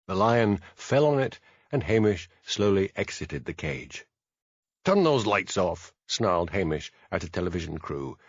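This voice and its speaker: A man narrating a mystery audiobook in expressive scripted narration. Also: on the low side, no echo, highs cut off. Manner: expressive storytelling.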